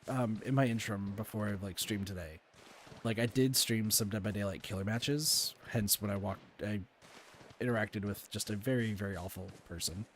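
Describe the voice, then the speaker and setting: There's slight background noise as a man with a lowish voice streams a game. He chats casually and rambles candidly through his frustrations, venting with plenty of fillers and restarts.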